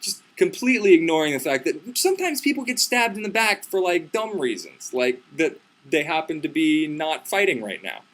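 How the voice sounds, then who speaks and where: A man's voice: a little high, big pitch swings, normal speed, few pauses, a bit bright. A young man casually retelling a myth as comedy, sarcastic, crude and rambling.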